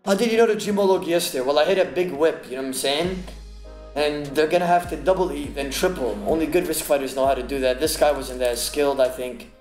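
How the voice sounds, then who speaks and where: A man's voice: on the high side, fast, darkish tone, echoey room, faint music behind, low-quality recording. A man streaming a game live, chatting playfully and greeting viewers by name. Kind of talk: casual live-stream chat.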